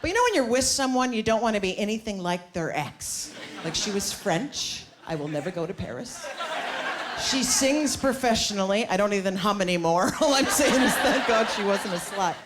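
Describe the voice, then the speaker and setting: A woman's voice: medium pitch, expressive, heavy background noise. A woman from Canada doing a brash, self-mocking stand-up set on a club stage. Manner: brash, self-mocking punchlines with pauses for laughs. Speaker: stand-up comedian. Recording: live club recording with loud crowd. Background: laughing audience.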